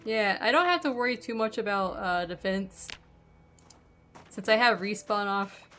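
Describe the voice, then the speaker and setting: A woman streaming a game, chatting loosely as she plays and thinking out loud with plenty of trailing fillers. Her mid-pitched voice sounds a little worn, as if she is losing it, and faint game music plays underneath. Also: measured pace. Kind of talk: casual gameplay commentary.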